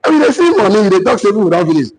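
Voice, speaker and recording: A man with a Nigerian accent giving a joking, animated motivational talk to an online business community as coach. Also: high-pitched, very fast, husky, rough recording. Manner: animated, joking, mixes Pidgin asides with laughter.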